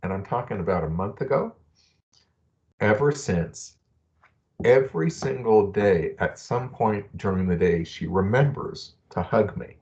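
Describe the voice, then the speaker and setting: A man's voice: fairly low pitch, animated, a little slow, darkish tone, muffled recording. A middle-aged man giving a webinar talk, earnest and personal, telling stories from his own life. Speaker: presenter. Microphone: video call.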